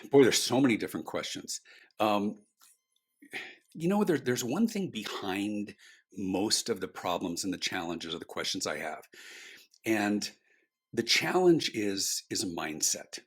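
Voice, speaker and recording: A man telling stories as a guest on a podcast, animated and emphatic. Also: fairly low pitch, measured pace, slightly rough. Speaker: customer experience speaker, guest. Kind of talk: storytelling podcast interview.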